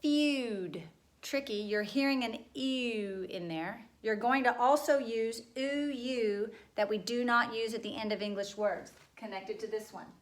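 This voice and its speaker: A woman's voice: a little high, measured pace, hardly any pauses, echoey room. A woman teaching second graders a spelling lesson, patiently sounding out and spelling words letter by letter. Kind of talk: spelling lesson for young children.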